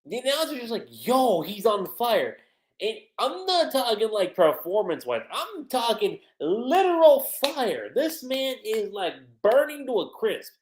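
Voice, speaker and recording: A man giving casual livestream commentary as a manga reviewer, chatty and animated. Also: extremely high pitch, moderate pace, hardly any pauses, roomy sound. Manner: animated, chatty, frequent laughter and fillers.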